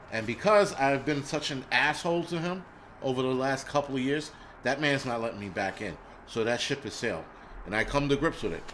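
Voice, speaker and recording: A man's voice: mid-range voice, a bit bright, slight background noise. A middle-aged man, hosting a live stream in casual chat, blunt and profane as he vents.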